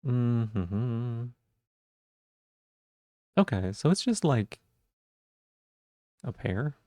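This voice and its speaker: A man's voice: mid-range voice, animated, very slow, a little mellow, no room sound, studio quality. A man streaming live, chatting casually and playfully while he repeats silly puns and rambles.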